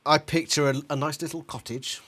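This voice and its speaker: A man's voice: on the high side, steady tone, fairly quick, a bit bright. An English man co-hosting a casual watch-along chat, teasing and swearing often. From England. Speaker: co-host.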